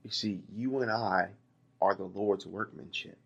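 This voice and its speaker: A man's voice: low-pitched, a little slow, gravelly, breathy edge, highs cut off. A man preaching a sermon, earnest, asking rhetorical questions and repeating key phrases.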